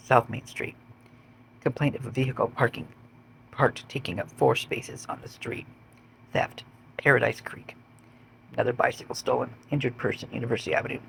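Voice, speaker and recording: A man's voice: mid-range voice, vocal fry, fairly bright tone, slight background noise. A man reading out police call logs and adding blunt, swearing commentary of his own. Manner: blunt, swears when indignant. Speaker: vlogger.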